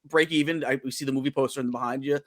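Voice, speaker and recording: A man's voice: mid-range voice, fairly even intonation, rapid-fire, a bit bright. A man hosting a talk show, chatting with a guest in a rambling, eager way, with lots of fillers. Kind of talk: casual interview chat.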